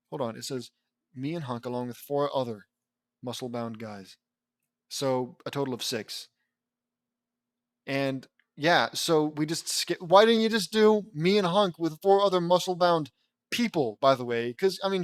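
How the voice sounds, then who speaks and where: A man's voice: mid-range voice, no echo. A young man reading a fan story aloud, breaking off into sarcastic, exasperated asides to mock the writing. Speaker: fanfiction reader and commentator. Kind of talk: mocking read-aloud commentary.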